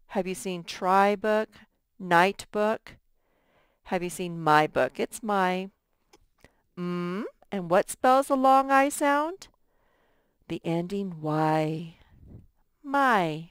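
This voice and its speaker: A woman's voice: on the low side, expressive, takes it slowly, clean tone, no echo, studio quality. A woman teaching a recorded first grade lesson, patiently sounding out letters and stretching words for young students.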